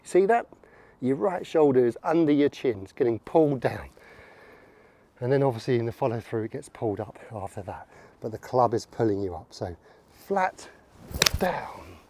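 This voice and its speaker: A man's voice: mid-range voice, expressive, brisk, warm tone, slight background noise. A man coaching golf outdoors, upbeat and encouraging as he demonstrates swings. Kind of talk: on-course golf instruction.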